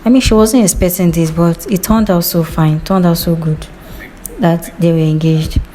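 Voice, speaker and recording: A woman's voice: lowish voice, steady tone, normal speed, mellow, slight background noise. A woman casually retelling a movie's scenes, chatty and quoting the characters' lines as she goes. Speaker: movie recap narrator.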